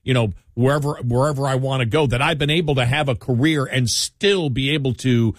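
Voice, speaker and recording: A man's voice: medium pitch, brisk, no room sound, studio quality. Rambling, reflective man in casual chat. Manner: rambling, reflective, with many restarts.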